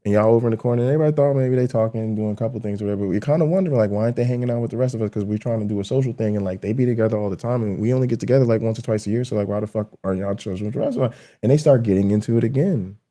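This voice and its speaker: A man's voice: lowish voice, racing, few pauses, mellow. A man hosting a show, ranting heatedly and profanely at his audience and hammering his points again and again. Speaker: show host and college lecturer.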